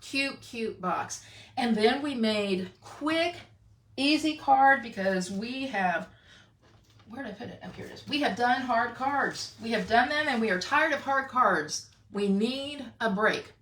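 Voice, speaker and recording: A woman's voice: fairly high pitch, lively intonation, measured pace, a bit bright. Woman from Canada, crafting livestream host, chatty, answers viewers, many restarts, home craft room. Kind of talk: casual livestream chat while crafting. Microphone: phone camera.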